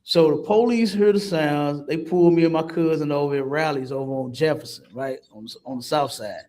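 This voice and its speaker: Animated high-voiced man telling stories. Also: moderate pace. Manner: animated storytelling with street slang. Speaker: podcast co-host. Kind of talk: casual chat.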